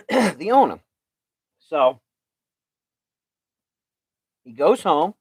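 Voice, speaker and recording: A man's voice: fairly high pitch, no echo. A man casually retelling a story he watched, rambling and checking in with "right?" as he goes. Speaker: show host.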